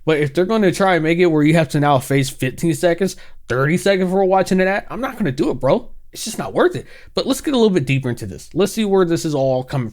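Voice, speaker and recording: A young man ranting sarcastically in casual commentary, exaggerated and quick to laugh. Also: fairly high pitch, darkish tone. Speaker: gaming commentary youtuber.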